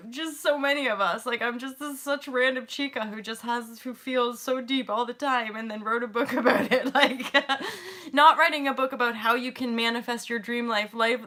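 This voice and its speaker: A woman in her thirties, a yoga and meditation teacher, talking casually to her viewers in an emotional, expressive way, laughing often and swearing freely. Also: a little high, normal speed. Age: 30s. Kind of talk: emotional casual talk to camera.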